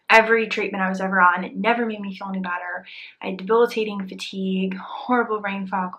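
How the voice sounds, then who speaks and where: Candid woman in her twenties, bright tone, chatty health vlogger, slightly breathless in a bedroom. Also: medium pitch, poor audio. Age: 20s. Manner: chatty, candid, drops into soft whispers. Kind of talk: casual health vlog. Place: bedroom in an apartment.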